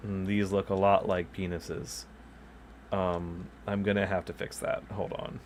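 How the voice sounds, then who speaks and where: Gaming at his desk at home, a man talks casually into a nearby mic, rambling and often chuckling at his own expense. He has a low, darkish voice with a flat delivery and measured pace, plus a little hiss or hum.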